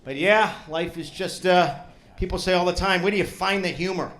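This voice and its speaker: A brash stand-up comedian works a laughing comedy club crowd with crude teasing, his high, fairly bright voice moving at a moderate pace. There's a hint of New in his speech.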